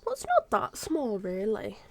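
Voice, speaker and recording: Brief: young woman streamer, husky voice, sore throat, bubbly chatter that drops to whispers. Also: mid-range voice, huge pitch swings, measured pace. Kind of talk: casual live-stream chat.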